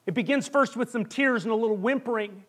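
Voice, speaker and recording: A man preaching a sermon, telling a long joke story with dramatic pauses that drop to a hush. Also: very high voice. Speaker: pastor.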